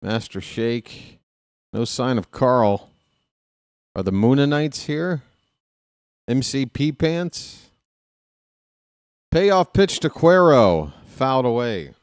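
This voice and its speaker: A man streaming casual live baseball play-by-play, chatting with viewers and reading out their names between pitches. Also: very animated, slow pace, pauses often, smooth, dry recording, studio quality. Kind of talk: live play-by-play with chat shout-outs.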